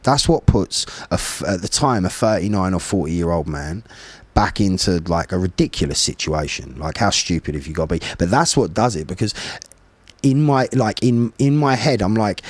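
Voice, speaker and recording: Brief: man in his 40s, deep voice, blunt and animated storyteller who swears a lot, dry close-miked sound. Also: moderate pace, no echo. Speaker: podcast guest, former bare-knuckle fighter. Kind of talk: casual storytelling conversation.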